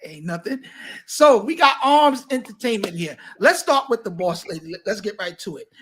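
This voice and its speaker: A man who is a pastor, hosting a casual talk show and warmly bringing guests to the stage. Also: high-pitched, normal speed, a little hiss or hum. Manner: lively, hypes up guests. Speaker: pastor and host.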